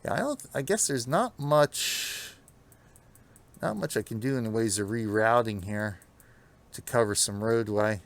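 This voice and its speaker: An American streamer with a Northeastern accent chats with viewers during gameplay, rambling and laughing often. His voice sits on the low side, unhurried, with vocal fry.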